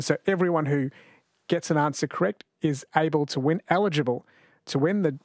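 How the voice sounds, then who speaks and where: A man hosting a radio quiz, talking in a chatty, jokey way. His voice sits a little high, and the close studio mic sounds dry. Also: dry recording. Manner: chatty, jokey, laughs easily. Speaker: radio host. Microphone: studio microphone.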